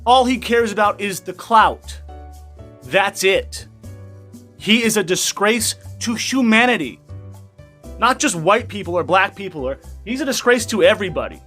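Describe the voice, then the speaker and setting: A man's voice: sits high, expressive, unhurried, pushed and bright, soft background music. A young man ranting angrily through a news commentary, swearing and sarcastic as he reads out and mocks an article. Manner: profane, angry, sarcastic ranting. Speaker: commentary YouTuber.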